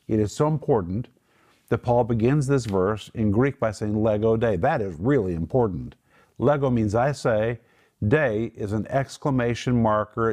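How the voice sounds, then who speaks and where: A middle-aged man delivers televised Bible teaching. He speaks emphatically and breaks Greek words down step by step. His pitch sits in an ordinary middle register. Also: darkish tone.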